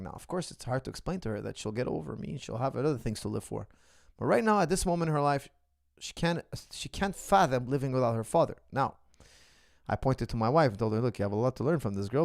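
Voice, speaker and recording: A man's voice: medium pitch, vocal fry, a little mellow, no room sound, studio quality. A middle-aged man, a martial arts coach, answering viewer questions in an earnest, philosophical casual monologue. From the West.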